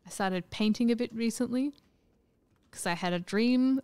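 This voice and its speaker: A woman's voice: on the high side, normal speed, a little mellow, smooth, no room sound. A woman co-hosting a game stream, chatting casually, laughing often and swearing freely. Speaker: streamer co-host. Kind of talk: casual chat over gameplay.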